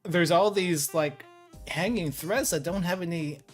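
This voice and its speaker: A relaxed guest co-writing and reading out a story on a game stream, chuckling between lines. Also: medium pitch, measured pace, soft background music. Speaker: co-writer and story reader.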